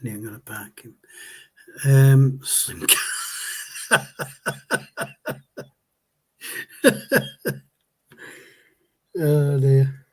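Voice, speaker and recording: A man's voice: mid-range voice, lively intonation, drawn-out words, pauses often, darkish tone. A man, hosting a casual livestream and rambling as he answers viewer chat. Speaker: livestream host.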